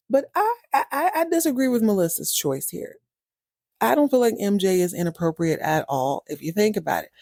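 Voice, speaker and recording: A woman with a mellow, relaxed voice chats through a TV recap in a wry, playful way, laughing often and acting out the characters' lines as she goes. The recording is dry and close, with no room sound. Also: fairly low pitch, dry recording. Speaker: podcast host recapping a TV series. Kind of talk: casual recap commentary.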